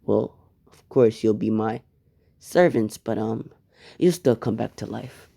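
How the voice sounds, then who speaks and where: A man's voice: fairly low pitch, measured pace, gravelly, dark tone. A man voicing a cocky lava-powered boy hero. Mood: earnest. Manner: boastful, casual, swearing.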